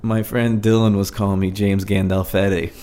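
A man's voice: lowish voice, flat delivery, moderate pace, warm tone. A man hosting a podcast in casual chat, telling loose stories and swearing freely. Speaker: podcast host.

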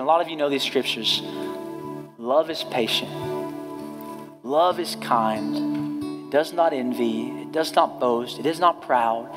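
High-voiced man preaching casually. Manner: casual, direct, often asks "you know what I mean?". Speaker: pastor. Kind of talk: conversational sermon. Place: church.

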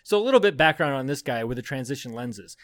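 A man's voice: medium pitch, lively intonation, quick pace, fairly bright tone, no echo, studio quality. A young adult man, a podcast co-host, telling a rambling story in casual chat, swearing often and laughing as he goes.

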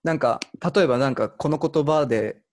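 Woman host, very deep voice, very fast talk, lots of short agreeing sounds. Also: a little mellow. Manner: quick questions, constant short backchannels. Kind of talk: casual interview chat.

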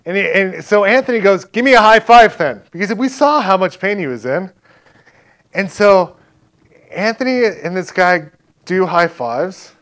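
A man with a high, slightly bright voice and lively intonation shares his personal faith testimony as casual storytelling. His chatty delivery is full of "like" and "right?", and he acts out what others said in quick back-and-forth exchanges.

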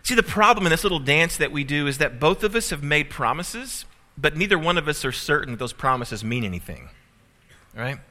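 Pastor guy preaching, bit high voice, funny stories, echoey church hall. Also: very animated, brisk, pushed and bright. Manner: storytelling with humor and rising emphasis. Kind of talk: sermon. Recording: reverberant hall.

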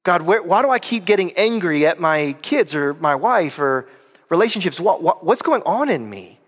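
A man's voice: high-pitched, sing-song, moderate pace, long reverb tail. A middle-aged man preaching a conversational sermon in a church, emphatic and full of rhetorical questions. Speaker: pastor. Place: church sanctuary.

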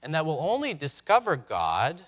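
A man's voice: fairly high pitch, wildly swooping pitch, a bit bright. Reflective male pastor preaching. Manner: reflective, with dramatic pauses and rhetorical questions. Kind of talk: sermon.

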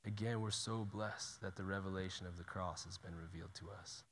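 A man preaching a sermon in a casual, conversational way, swinging from loud urgent bursts to hushed near-whispers. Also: deep voice, fairly even intonation, a little fast, few pauses, long reverb tail, a little hiss or hum. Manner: casual and conversational, says "y'all" and "dude".

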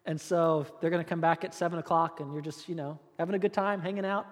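A male pastor preaching a sermon, telling the story in an animated way with playful asides and jokes. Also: on the high side, fast talker. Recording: long hall reverb.

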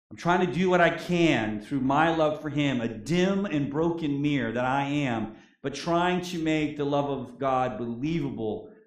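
A man preaching a sermon as a prison chaplain, moving between loud declarations and soft, quiet drops, in a church. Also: mid-range voice. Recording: echoey room.

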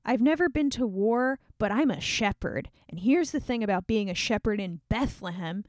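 A woman voicing a brash, zealous young male shepherd, cocky and quick to take offense. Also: mid-range voice, lively intonation, a little mellow, no room sound, clean studio sound, lightly acted. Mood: boastful. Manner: indignant, cocky.

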